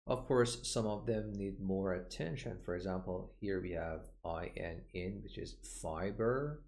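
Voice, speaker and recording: This English-for-medicine teacher has a fairly low, darkish voice and an unhurried manner as he works through a textbook vocabulary lesson. Key terms come out slowly and are often repeated to model pronunciation. He frequently says "uh" between points and points to the page.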